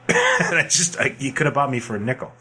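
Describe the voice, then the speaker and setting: Bright-voiced middle-aged man. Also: mid-range voice, a little fast, slightly rough. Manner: animated anecdotes, laughs while talking. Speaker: podcast co-host. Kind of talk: casual nostalgic chat.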